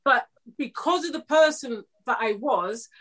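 A woman's voice: high voice, unhurried, fairly bright tone. A woman guest on a podcast, talking candidly about her acting years in a chatty way. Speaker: guest actress. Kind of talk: casual podcast chat.

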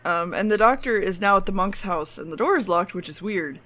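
A woman's voice: medium pitch, expressive, fairly quick, fairly bright tone. A woman co-hosting a podcast, recapping an episode in loose, rambling, sweary casual chat with offhand jokes. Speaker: podcast co-host.

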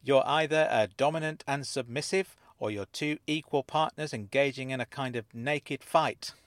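A man voicing a calm woman claiming to be alien. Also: mid-range voice, dry recording, pitched above the performer's own voice, natural voice. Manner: measured and unruffled. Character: calm, composed woman who says she is not human. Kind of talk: audiobook character voice.

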